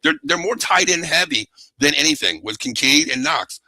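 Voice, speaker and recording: Excitable man talking football. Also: on the high side, normal speed, dry recording, rough recording. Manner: animated, excitable, repeats the co-host's name. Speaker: sports talk show host. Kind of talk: casual sports chat.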